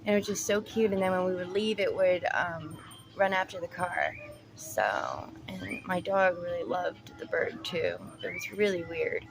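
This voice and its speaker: A young woman vlogging while she talks to pet birds, switching between high, drawn-out baby talk to them and rambling stories full of fillers. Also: expressive, vocal fry, background noise. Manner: rambling storytelling with many fillers. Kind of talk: casual vlog, chatting to pet birds. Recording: loud bird chatter in background. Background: birds squawking.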